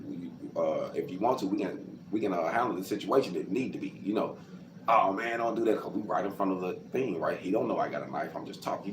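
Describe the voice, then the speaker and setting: A man's voice: low voice, reverberant, noisy background. A man telling his own life story in a conversational, rambling way, often calling his listeners "y'all.". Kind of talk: personal storytelling monologue.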